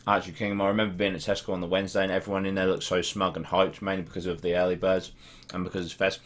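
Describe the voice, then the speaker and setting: A man's voice: low voice, little pitch movement, racing, fairly bright tone. A young man from Norwich with a Norwich accent, chatting casually on a live stream, reading out comments with laddish, sweary banter. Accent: English, Norwich. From Norwich, England.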